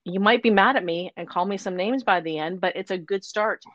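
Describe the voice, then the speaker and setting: A woman fitness coach chatting as a guest in an interview, upbeat and fast-talking. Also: medium pitch, a bit bright, no room sound, dull audio. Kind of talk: casual interview chat.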